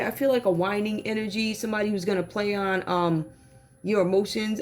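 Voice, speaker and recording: A woman giving a casual tarot reading, talking in lively slang and acting out what the cards seem to say. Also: mid-range voice, normal speed, noisy background. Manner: animated, slangy, acts out quoted voices. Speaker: tarot reader.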